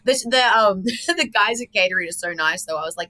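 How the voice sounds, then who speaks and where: A woman's voice: fairly low pitch, brisk, bright, forceful tone, rough recording. An Australian woman as a podcast guest, chatting casually with lots of "like" fillers and laughter.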